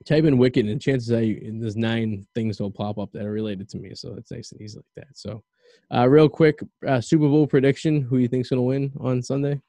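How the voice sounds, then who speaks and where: A man's voice: medium pitch, brisk, warm tone, no room sound. A man hosting a podcast in casual chat, rambling and stammering through restarts. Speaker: podcast host.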